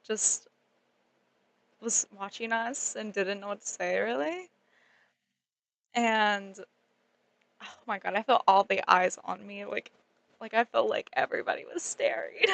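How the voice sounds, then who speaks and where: A young woman tells a casual storytime story, bubbly and giggly, her speech full of "like". Her voice sits a little high. It is recorded close to the mic in a dry room. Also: creaky, no room sound. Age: young adult. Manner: animated, giggly, lots of "like". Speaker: vlogger.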